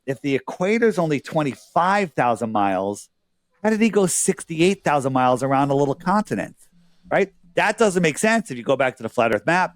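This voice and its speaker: Male guest, mid-pitch, earnest casual explainer who keeps asking "right?", dry close-miked sound. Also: dry recording. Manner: earnest, peppered with rhetorical "right?" checks. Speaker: interview guest. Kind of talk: casual explaining while sharing his screen.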